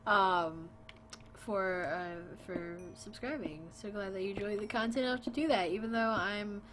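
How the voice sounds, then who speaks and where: A woman's voice: mid-range voice, fairly even intonation, a little slow, a little hiss or hum. Tired woman chatting on a game stream. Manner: sleepy, chatty, talks to chat and her dog. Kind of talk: casual gaming stream chat. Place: home, late at night.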